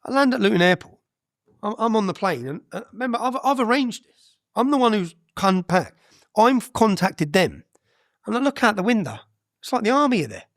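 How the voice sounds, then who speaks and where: Animated man telling his story. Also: sits high, fairly quick, no room sound, studio quality. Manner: animated storyteller, tags sentences with "yeah?"; blunt, swears freely. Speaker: interview guest. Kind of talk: podcast interview storytelling.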